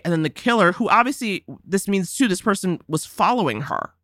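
Bright, expressive woman podcaster. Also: mid-range voice, normal speed, few pauses, dry recording, clean studio sound. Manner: expressive, acts out characters' lines. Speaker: podcast co-host. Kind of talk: casual chat recapping a TV show.

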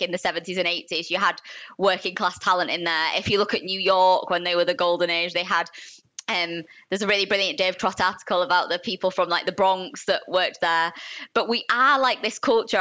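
Bright-voiced woman with soft Yorkshire accent. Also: fairly low pitch. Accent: softened Yorkshire. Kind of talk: casual podcast discussion.

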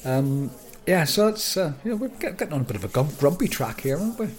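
A man's voice: fairly high pitch, very animated, fast talker. A man in his sixties from Northern Ireland, co-hosting a podcast in casual chat, rambling with many restarts and chuckles. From Northern Ireland, outside Belfast. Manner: rambling, self-interrupting, chuckling. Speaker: podcast co-host.

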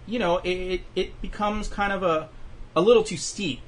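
A man's voice: high voice, fairly even intonation, moderate pace. A man hosting a casual podcast chat, rambling with lots of fillers and restarts. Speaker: podcast host.

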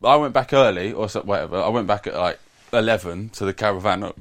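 A man's voice: on the low side, quick pace. A young man, telling a crude story casually among friends, swearing often and acting out the people he quotes. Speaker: podcast regular telling a story.

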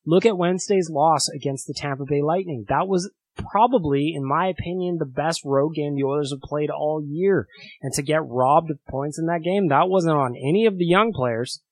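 A man's voice: a little high, normal speed, dry recording. A male podcast host talking casually and reacting with amusement to listener voicemails.

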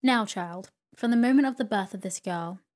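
A woman's voice: medium pitch, moderate pace, a little mellow, close to an everyday voice. A woman reading a storybook, voicing a stern, brusque elderly great-aunt who speaks in a commanding, indignant manner.

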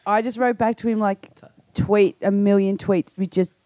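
A woman comedian who is a guest on a podcast, chatting in a wry, quick way. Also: mid-range voice, fairly even intonation, mellow, dry recording. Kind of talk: casual chat.

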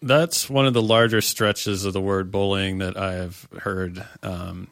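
Young guy cohosting, low gravelly voice, laid back, dead dry sound. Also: fairly even intonation, unhurried, a bit bright, no echo. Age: young adult. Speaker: podcast co-host. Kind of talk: casual comedic chat.

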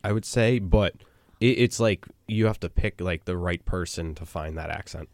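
Young man, from western Massachusetts, deep voice, dry close mic, anecdotal and relaxed. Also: normal speed, dry recording. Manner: storytelling, acts out quoted voices. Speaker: podcast co-host. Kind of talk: casual chat.

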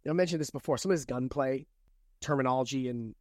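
A man co-hosting a podcast, casually recapping and discussing a book in a relaxed, chatty way. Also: mid-range voice, fast, no echo, studio quality. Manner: relaxed, chatty, laughs often. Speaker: podcast co-host.

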